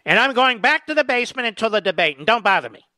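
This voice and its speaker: A man's voice: sing-song, fast talker, sharp tone, dry recording, heavily acted. A man voicing a mockingly whiny, defensive elderly male politician who rambles and complains. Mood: grumbling. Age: older. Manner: whiny, indignant, high-pitched mockery.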